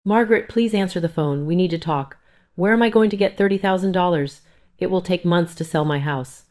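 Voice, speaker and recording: A woman's voice: fairly low pitch, fairly quick, a little mellow, lightly acted. A woman reading the voicemail of a panicked son-in-law begging for time.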